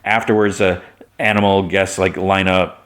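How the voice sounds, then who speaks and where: A man's voice: sits low, little pitch movement, moderate pace, fairly bright tone. A man hosting a podcast, casually retelling an episode with plenty of filler words. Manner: rambling, filler-heavy retelling. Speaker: podcast host.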